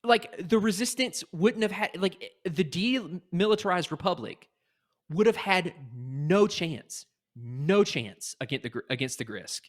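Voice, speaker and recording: A man's voice: high voice, a little slow. A man in his late twenties from North Carolina, co-hosting a podcast in casual chat and getting heated as he rants. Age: 20s. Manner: excitable, ranting, voice jumps when heated. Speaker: podcast co-host.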